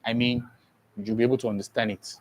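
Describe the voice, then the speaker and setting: In poor audio, a man with a medium-pitched, darkish voice and little pitch movement teaches exam preparation. The English teacher goes slowly, spelling out words one letter at a time and often asking if students follow.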